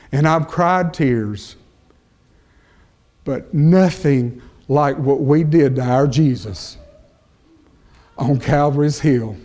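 A man delivers a sermon at a deliberate, unhurried pace, his voice sitting a little higher than most men's. He leans into key phrases with rising emphasis and lets pauses hang between them. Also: darkish tone. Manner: slow, emphatic preaching with pauses and rising peaks. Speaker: preacher.

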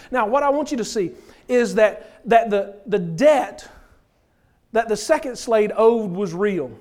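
A man's voice: high-pitched, expressive, measured pace, a little mellow. A man preaching a sermon, explaining scripture verse by verse in an earnest way.

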